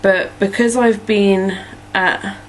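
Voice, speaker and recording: A woman's voice: medium pitch, fairly even intonation, slow, a little hiss or hum, rough recording. A young woman from Norfolk, England, with an English accent, rambling through follower questions and filling gaps with "like" and "um". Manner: chatty, rambling, many "like" and "um" fillers. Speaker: vlogger answering follower questions. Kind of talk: casual chat.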